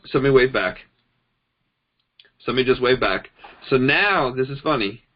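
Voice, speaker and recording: A man's voice: medium pitch, dull audio. A man giving a casual training talk on network marketing, telling stories in a chatty way and acting out both sides of his conversations. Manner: chatty, animated storytelling, acts out quoted dialogue. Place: indoors, demonstrating on a phone.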